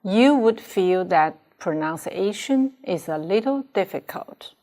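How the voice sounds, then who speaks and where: Slow, deliberate woman teaching pronunciation. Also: mid-range voice, expressive, warm tone. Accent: Chinese. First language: Chinese. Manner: deliberate, models pronunciation for students to repeat. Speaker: Chinese language teacher. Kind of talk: slow, careful classroom instruction.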